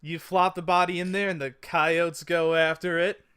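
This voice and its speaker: A man's voice: on the high side, moderate pace, smooth. A man narrating as game master of a tabletop role-playing game, laughing often between lines. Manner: animated, laughs often, puts on brief voices.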